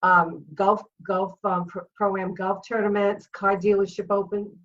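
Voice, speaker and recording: On a video chat show, a middle-aged guest with a Rhode Island accent, a comedian who used to be a cheerleader, spins an animated story packed with laughs and quotes she acts out. Her voice is medium in pitch and a little slow. The mic is distant, the highs are cut off, and slight background noise can be heard.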